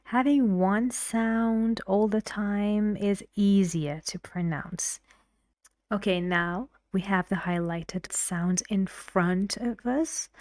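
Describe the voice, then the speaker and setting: Female pronunciation teacher, very slow, encouraging, dry close-mic delivery with half-whispered asides. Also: medium pitch, a little mellow, no room sound. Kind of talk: online pronunciation lesson.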